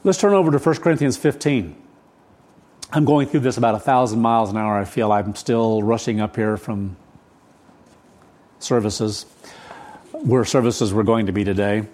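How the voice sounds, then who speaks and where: A man in his seventies preaching a sermon, rushed and rambling with frequent restarts, keyed up and hurried. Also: lowish voice, a little mellow. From United States. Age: 70s. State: adrenaline-charged, hurried. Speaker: pastor. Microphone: camera set up for recorded service.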